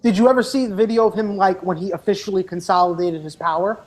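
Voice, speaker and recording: A woman with a mid-range voice talks bluntly in a casual voice chat, swearing freely. She gets animated as she goes and keeps an easy, conversational flow. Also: medium pitch, fast, rough recording. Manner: blunt and profane, animated when mocking.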